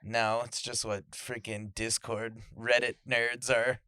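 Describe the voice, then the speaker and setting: A young man trades jokes in a loose, casual chat, swearing freely and acting out his stories. His voice is bright and crisp, a little higher than most men's, and it sounds dry and close, with no room echo. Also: little pitch movement, takes it slowly. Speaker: podcast co-host.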